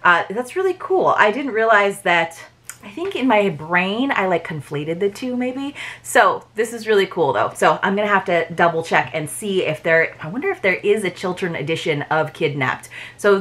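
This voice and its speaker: A woman's voice: on the low side, a bit bright. A woman reviewing a book subscription box, gushing in a bubbly, chatty way as she unboxes each item. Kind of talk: unboxing vlog.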